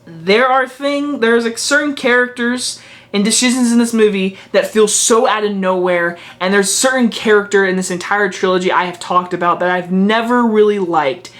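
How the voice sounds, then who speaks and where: A man's voice: high voice, normal speed, a bit bright. Exasperated man ranting about a film. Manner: frank and exasperated, with repeated restarts and mocking quoted asides. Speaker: movie reviewer. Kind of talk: casual spoken film review.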